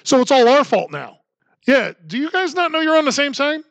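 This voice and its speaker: Podcast host, man, sarcastic ranter, lively swooping delivery, dry close sound. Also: very high voice, brisk, no room sound. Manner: sarcastic, ranting. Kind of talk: solo political commentary podcast.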